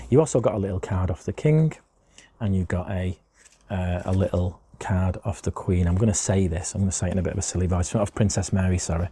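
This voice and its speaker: A man's voice: low-pitched, mellow, slightly rough. A man teaching a chatty history lesson to children, often asking them questions as he shows objects.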